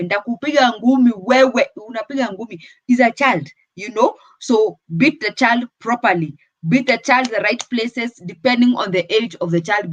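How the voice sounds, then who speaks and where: A woman's voice: mid-range voice, no echo, low-quality recording. A woman with a Kenyan accent giving firm parenting advice on a talk show. She switches between English and Swahili.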